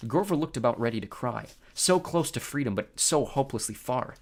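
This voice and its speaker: A man narrating a first-person audiobook with expressive storytelling. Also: mid-range voice, a little fast.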